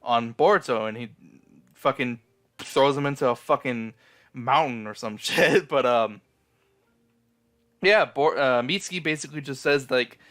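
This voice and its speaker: A young man casually recapping an anime episode, rambling along with plenty of "uh" and "like" and the odd curse. His voice is smooth and clean, sitting at an ordinary pitch for a man. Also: a little slow, pauses often, a bit bright. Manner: rambling, frequent fillers and profanity. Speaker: anime reviewer.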